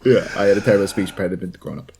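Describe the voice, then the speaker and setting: A man co-hosting a podcast, bantering in casual chat and talking fast. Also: low voice, darkish tone, a little hiss or hum. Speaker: podcast co-host.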